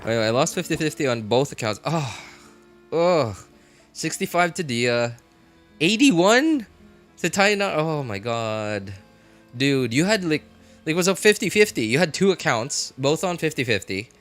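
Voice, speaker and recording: A man's voice: fairly high pitch, lively intonation, normal speed, a bit bright. A man live-streaming a game, chatting casually with his viewers, often laughing and talking straight to chat. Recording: faint music behind.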